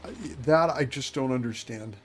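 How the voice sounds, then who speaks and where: An older man, in his fifties, talks his way through a game in a loose, rambling stream of commentary, chuckling to himself now and then. His voice sits at an ordinary middle pitch, with soft music running underneath. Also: moderate pace. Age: 50s. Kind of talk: casual gameplay commentary.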